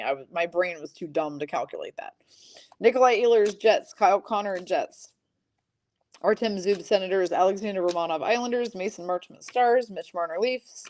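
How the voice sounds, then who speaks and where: A woman hosting a live-streamed trading card break, briskly calling out each pull and teasing her chat viewers. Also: medium pitch, darkish tone.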